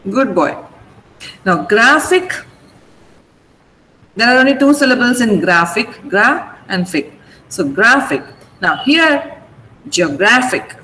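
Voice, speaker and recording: A woman's voice: fairly high pitch, bright, forceful tone, a little hiss or hum, poor audio. A woman teacher running an online class, patiently spelling out word endings and explaining which syllable is stressed. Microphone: video call.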